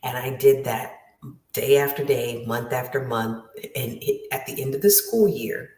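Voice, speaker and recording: A woman's voice: a bass voice, animated, a little slow, a little mellow. Lady writing coach pumping people up, keeps repeating herself, roomy echoey sound. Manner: emphatic, repeats key phrases. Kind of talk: motivational teaching talk. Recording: roomy, distant from the mic.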